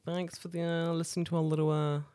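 A man co-hosting a podcast in casual chat, telling stories with lots of swearing and animated rants. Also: on the high side, fast talker. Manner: animated, swearing ranting storyteller. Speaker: podcast co-host.

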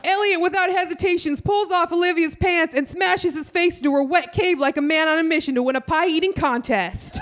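A woman reading her own raunchy comedy piece aloud on a live theater stage, deadpan, breaking into loud bursts. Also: high voice, a little hiss or hum.

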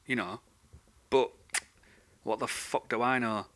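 A man's voice: mid-range voice, fairly even intonation, takes it slowly, fairly bright tone. Angry sweary man ranting. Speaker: podcast host. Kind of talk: unscripted ranting monologue.

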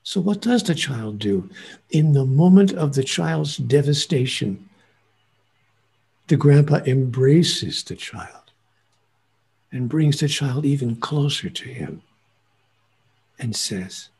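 A man's voice: mid-range voice, expressive, slow pace, pauses often, darkish tone. A man acting as a spiritual teacher, telling a story and stressing points with emphatic repetition. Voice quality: husky, gravelly. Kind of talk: lecturing in conversation.

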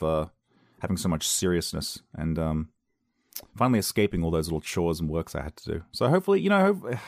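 A young man hosts his own casual podcast from home and tells a self-mocking story. He speaks in a fairly low voice and jumps up in pitch to act out the other people in it. His microphone sits close and dry, with no room sound around him. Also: vocal fry, no echo. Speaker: podcast host. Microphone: podcast microphone on a loose cable at home.

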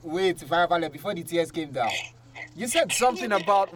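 A man's voice: sits high, very animated, moderate pace, a bit bright. A man hosting a casual interview, asking playful, teasing questions. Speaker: host.

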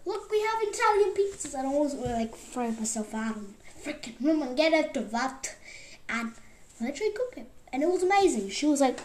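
A woman around twenty rambling excitedly in a casual vlog, jumping between loud outbursts and whispers. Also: sits high, normal speed. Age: about 20. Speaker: vlogger.

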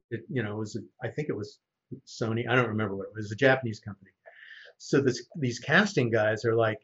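A man's voice: mid-range voice, slightly rough, highs cut off. A man who works as a voice actor, telling anecdotes in a casual chat. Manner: animated anecdote teller. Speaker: voice actor guest.

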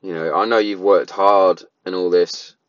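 Dad, 30s, lower voice, casual rambling monologue with lots of fillers; muffled, dead-dry recording. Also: male voice, fairly even intonation, unhurried, dry recording. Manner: rambling, many restarts and fillers. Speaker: parent sharing opinions.

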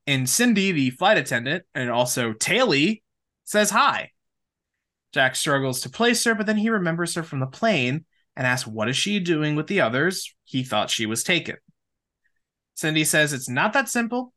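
A podcast co-host with a bright, sharp-edged voice walks through TV scenes step by step. Between recaps, the co-host trades teasing back-and-forth with a sibling. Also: mid-range voice, sing-song, moderate pace. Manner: narrates scene recaps, then banters. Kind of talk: casual recap chat.

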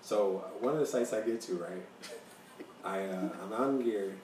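A man from the Chicago area telling a profane, animated story on a casual podcast. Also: lowish voice, moderate pace. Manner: profane, animated, acts out quoted voices. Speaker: podcast co-host. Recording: roomy, distant mic, faint noise.

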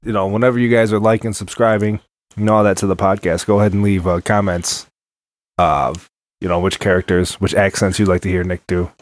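A man's voice: low voice, little pitch movement, brisk, no room sound. A man co-hosting a podcast in casual chat, laid-back and joking, swearing freely. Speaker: podcast co-host.

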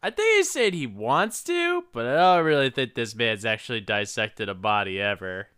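A man's voice: medium pitch, big pitch swings, normal speed, pushed and bright, smooth. A man co-hosting a casual podcast, laughing often and egging his co-host on. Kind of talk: casual movie recap chat.

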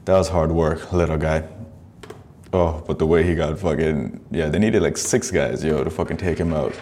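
A man's voice: a bass voice, normal speed, dark tone, a little hiss or hum. A man hosting a podcast, commenting on videos in a profane, rambling way and laughing often. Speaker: podcast host.

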